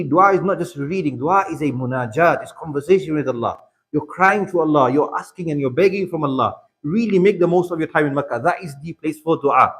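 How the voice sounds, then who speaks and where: A man's voice: a little high, slightly rough. A man with a British English accent teaching a religious workshop in a mosque, earnestly urging his listeners and repeating points for emphasis. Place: mosque hall.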